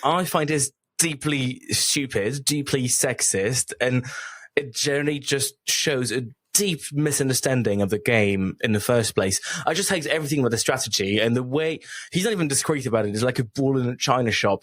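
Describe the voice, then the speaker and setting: A man's voice: mid-range voice, no room sound. A man co-hosting a podcast, giving blunt, critical opinions in casual chat. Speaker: podcast co-host.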